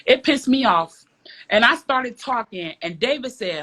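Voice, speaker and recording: A woman's voice: on the high side, expressive, unhurried, fairly bright tone. A woman from the south side of Chicago, a guest telling a story in a casual interview, emphatic and frank, repeating phrases for effect.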